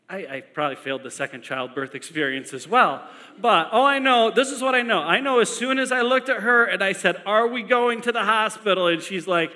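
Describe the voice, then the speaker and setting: A male pastor preaching a sermon, telling stories in an animated way and repeating lines for emphasis. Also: sits high, brisk. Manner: animated storytelling with emphatic repetition. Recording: long echo of a large hall.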